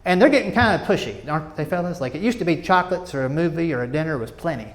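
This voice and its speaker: Middle-aged man, stand-up storyteller; a bit high, animated and self-mocking. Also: quick pace. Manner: animated, self-mocking, chatty asides to the audience. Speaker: stand-up comedian. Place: stage before a live audience.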